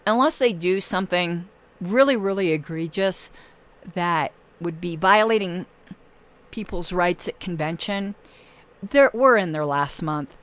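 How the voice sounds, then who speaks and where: Hoarse woman host, halting and low. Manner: halting, many filler pauses. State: losing her voice. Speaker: political channel host. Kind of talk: casual livestream talk.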